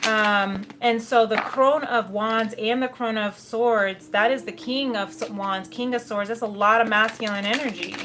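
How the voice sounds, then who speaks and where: A woman's voice: a little high, fairly even intonation, unhurried, hardly any pauses, noisy background. A woman giving a casual tarot reading, chatty, laughing often and slipping into quoted asides. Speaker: tarot reader.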